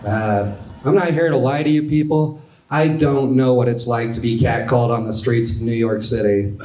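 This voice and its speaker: A young man in his twenties doing a stand-up comedy set with a dry, deadpan delivery in a club. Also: medium pitch, moderate pace. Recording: echoey club with audience laughter. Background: crowd laughter.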